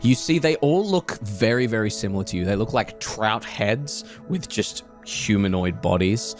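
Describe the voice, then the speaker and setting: Low-voiced man narrating a tabletop game. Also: lively intonation, moderate pace, faint music behind. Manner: rambling descriptions full of "uh" and "like". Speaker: game master.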